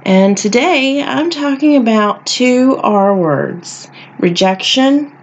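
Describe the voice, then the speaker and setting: A woman's voice: fairly high pitch, expressive, slow pace, muffled recording, a little hiss or hum. A woman hosting her own podcast, sounding tired and groggy, talking frankly in a chatty way with frequent light laughs. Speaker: podcast host. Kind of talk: casual solo podcast talk.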